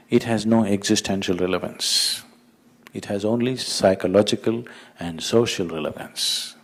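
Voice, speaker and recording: A man giving a spiritual talk, speaking in a measured way and driving points home through repetition. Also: on the low side. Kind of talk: spiritual talk with a told joke.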